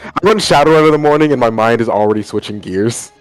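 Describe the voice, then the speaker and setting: A man's voice: medium pitch, clear, resonant tone. A man running a tabletop game, chatting wryly with his players after the session while his throat is strained. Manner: wry, teasing, quick asides. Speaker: game master.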